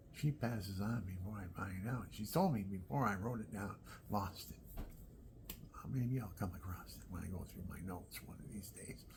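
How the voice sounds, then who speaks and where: Low gravelly guy rambling on about family stuff, keeps slipping into whispers, a bit of hiss behind. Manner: drifts into soft whispered asides. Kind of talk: rambling personal storytelling.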